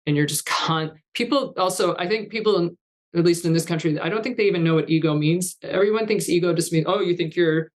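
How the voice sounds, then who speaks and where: A woman's voice: fairly low pitch, fast talker. A woman in her fifties, a guest in an interview, telling long rambling anecdotes in casual chat and laughing often. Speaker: guest, artist coach.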